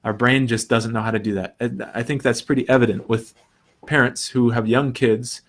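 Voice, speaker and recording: A young man talks through his subject in a relaxed, earnest teaching manner. He restarts often and drops into a softer voice when he quotes inner thoughts. His voice sits at an ordinary middle pitch. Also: normal speed. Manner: earnest, thinks aloud with restarts and soft quoted asides. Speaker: recovery podcast host. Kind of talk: casual teaching talk.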